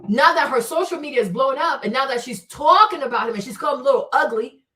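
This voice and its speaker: Blunt, animated woman streamer, high voice. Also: quick pace, far from the mic. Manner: animated, blunt, rhetorical questioning. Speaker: livestream host. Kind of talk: livestream chat commentary.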